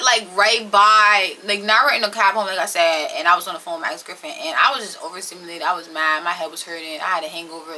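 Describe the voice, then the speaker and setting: A young adult woman telling a story casually to camera in an animated, emphatic, profane, slangy way, on a camera microphone. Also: medium pitch. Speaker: storytime vlogger. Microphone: camera or phone on-board mic.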